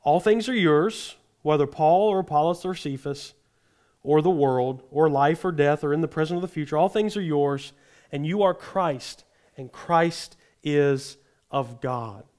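A man's voice: measured pace, darkish tone. A man preaching a sermon, reading Bible passages aloud and explaining them to his congregation. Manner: reads scripture aloud, then explains it plainly; acts out the tone of the quoted verses, rising in pitch. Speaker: pastor.

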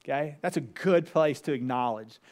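Man, pastor, high voice, conversational sermon, acts out scripture voices. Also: normal speed, darkish tone. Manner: conversational preaching, acts out the psalm's voices with rising emotion. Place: church with two campuses.

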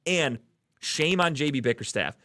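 A man's voice: a little high, expressive, normal speed, sharp tone, no echo, clean studio sound. A man from the Cleveland area hosting a casual sports podcast, ranting heatedly and swearing often. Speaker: podcast host.

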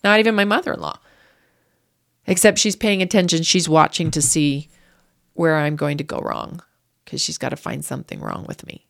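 A woman's voice: sits low, expressive, moderate pace, vocal fry, long pauses, a bit bright. A woman guest telling a painful personal story in an interview, raw and grieving, her voice surging up when upset. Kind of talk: emotional interview.

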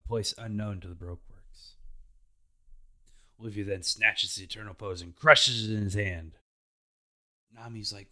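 A man with a voice on the low side, steady and pushed bright, hosts a podcast where he casually goes back over anime episodes. His laid-back, slow retelling is playful, with put-on character voices.

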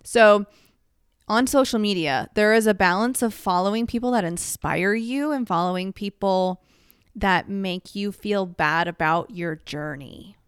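A woman talks through advice in a casual, rambling way, dropping fillers and poking fun at herself. Her voice is smooth and clear, recorded close and dry with no room sound. Her pitch sits in a middle range for a woman. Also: a little slow, no echo. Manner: chatty, filler-heavy, self-mocking. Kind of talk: casual advice chat to camera.

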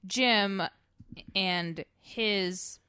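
Smooth-voiced woman in podcast chat. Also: mid-range voice, drawn-out words, pushed and bright, no echo. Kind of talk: casual chat.

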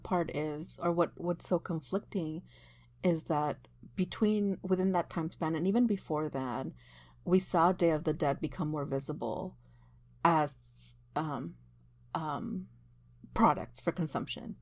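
A woman in casual conversation, speaking in a thoughtful, measured way. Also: deep voice, darkish tone.

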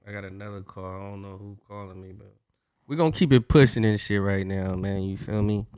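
A man's voice: on the low side, steady tone, a little fast, darkish tone, clear, resonant tone, no room sound. A man hosting a podcast, talking in a laid-back, slangy and teasing way. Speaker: podcast host. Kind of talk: casual podcast chat.

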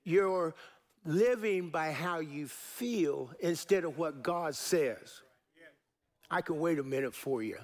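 Male pastor, middle-aged, high gravelly voice, sermon with call-and-response. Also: animated, takes it slowly. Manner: call-and-response preaching, varying pace and emphasis.

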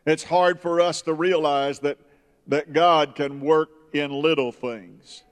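A man preaching a sermon, slow and emphatic, rising high when stirred. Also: fairly even intonation. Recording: long hall reverb.

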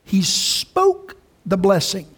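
A man teaching on the Bible in conversation, deliberate and emphatic, leaning on key words. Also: sits high, sing-song, fairly bright tone, husky.

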